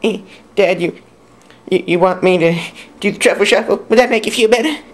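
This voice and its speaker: A woman playing an awkward teenage son in an amateur comedy sketch, stammering and halting through every line. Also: medium pitch, lightly acted. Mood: sheepish.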